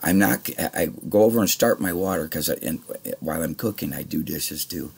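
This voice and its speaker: Low husky man telling a rambling story. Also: brisk, a little mellow. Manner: rambling, heated, swears freely. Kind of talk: casual spoken anecdote.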